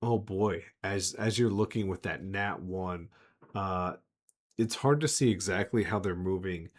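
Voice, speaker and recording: Low-voiced man running a tabletop game. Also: a little slow. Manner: rambling, full of filler words and restarts. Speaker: game master.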